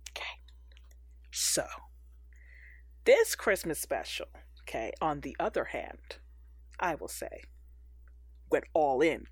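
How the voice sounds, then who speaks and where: Animated woman recapping with slang. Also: sits low, takes it slowly, pauses often, dry recording. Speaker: podcast co-host. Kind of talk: casual chat.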